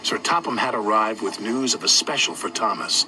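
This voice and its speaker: A man reading a children's railway story aloud with an expressive, animated manner. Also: on the low side, normal speed, hardly any pauses, background noise. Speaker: narrator. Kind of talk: storybook narration. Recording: loud music behind.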